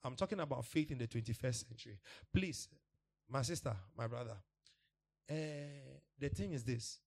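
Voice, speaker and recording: A man's voice: mid-range voice, moderate pace, vocal fry, darkish tone. Emphatic preacher man. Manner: emphatic, repetitive, laughs between points. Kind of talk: sermon.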